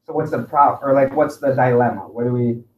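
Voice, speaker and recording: A man co-hosting a casual podcast chat, rambling with lots of fillers and quick laughs. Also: mid-range voice, highs cut off. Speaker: podcast co-host. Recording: echoey room.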